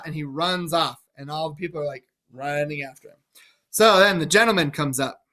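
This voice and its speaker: A man's voice: fairly high pitch, fairly quick, bright, forceful tone. A male teacher giving a chatty, enthusiastic explanation of a play to his class. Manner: chatty, enthusiastic, asks "right?".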